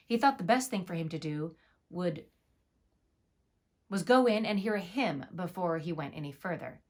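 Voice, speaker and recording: Woman reading a fairy tale out loud, expressive, dry little asides. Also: medium pitch. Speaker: storyteller.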